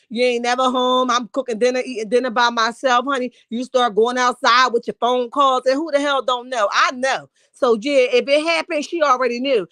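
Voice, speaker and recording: A woman's voice: high voice, sharp tone, no echo. Sassy woman hosting a chatty livestream. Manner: sassy, reads viewer comments aloud and reacts. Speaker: livestream host. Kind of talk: casual live-chat commentary.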